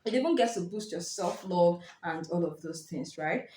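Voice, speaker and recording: A woman giving a casual spoken book review, explaining in a lively way and acting out short reactions. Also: lowish voice, moderate pace, a little hiss or hum. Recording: roomy echo.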